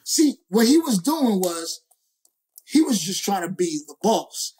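A male rapper as a guest, telling a story in a lively, slangy, profane way and acting out other people's lines. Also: high voice, unhurried, slightly rough. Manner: slangy, profane, acts out quoted voices. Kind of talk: animated storytelling.

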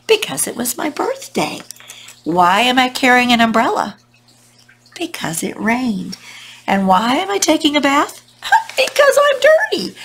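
A woman's voice: medium pitch, a little hiss or hum. A woman teacher reading a picture book aloud to children, then explaining the lesson with playful questions. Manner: animated, playful storybook delivery.

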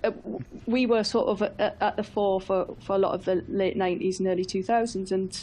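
A woman's voice: medium pitch, steady tone, fairly quick, warm tone, low-quality recording. A woman from England, chatting as a football pundit on a radio phone-in. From North East England. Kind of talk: casual studio chat. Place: radio studio.

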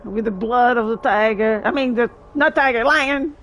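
A woman streamer commenting live on her gameplay, excitable, often yelping and laughing. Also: fairly high pitch, normal speed, highs cut off. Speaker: streamer playing a video game.

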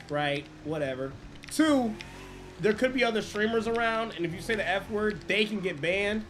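A man's voice: a little high, noisy background. A man streaming a roleplay game, chatting casually, swearing freely and explaining rules to other players. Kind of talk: casual livestream chat.

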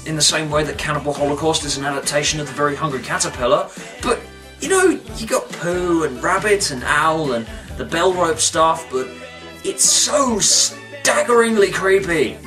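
A man's voice: a little high, brisk, few pauses, far from the mic, over music. A man giving a comic video review in a mock-dramatic way, breaking into exaggerated outbursts. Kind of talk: comic commentary.

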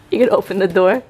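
A woman's voice: medium pitch, a little mellow, slight background noise. A woman filming a casual home vlog as a mother, playful and teasing, laughing often. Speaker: vlogger, mother.

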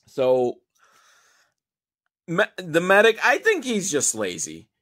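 A man's voice: fairly high pitch, wildly swooping pitch, slow, a bit bright. Sarcastic, rambling male movie reviewer. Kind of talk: casual comedic movie recap.

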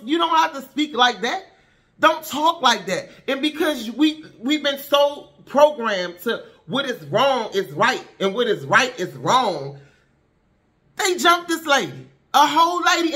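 A woman's voice: high voice, bright, forceful tone. Woman vlogger, outspoken and preachy, casual street-smart talk, lots of rhetorical questions. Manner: preachy, rhetorical and blunt, with slangy asides. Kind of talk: impassioned casual commentary monologue.

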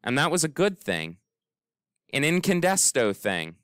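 A man narrating a storybook with a lively, swinging pitch and a smooth, resonant tone. The sound is close and dry, with no room around it. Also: measured pace, no room sound. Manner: expressive, animated reading with character voices. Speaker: audiobook narrator. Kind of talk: storybook read-aloud.

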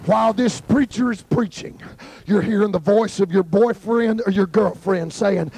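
High-voiced gravelly man preaching fervently. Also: lively intonation, moderate pace, dry recording. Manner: fervent, shouting in bursts. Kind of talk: Pentecostal sermon. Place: youth camp service.

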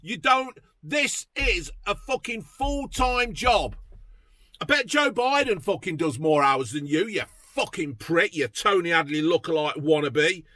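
A man's voice: high voice, expressive, a little slow, bright, forceful tone, no echo. A man giving a furious, sweary political rant, mocking and fuming as he talks. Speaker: political vlogger. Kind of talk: profane ranting commentary.

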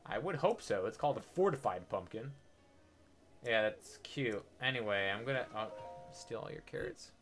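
A man's voice: on the low side, expressive, normal speed, fairly bright tone, soft background music. A young man giving casual, joking commentary over his game playthrough, sarcastic and profane. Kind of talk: casual let's-play commentary.

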